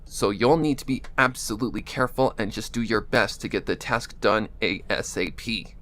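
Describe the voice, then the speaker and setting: A man's voice: on the low side, moderate pace, fairly bright tone, natural voice. A man voicing a stern, protective female pony mentor, talking through his nose and giving firm warnings. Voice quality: nasal.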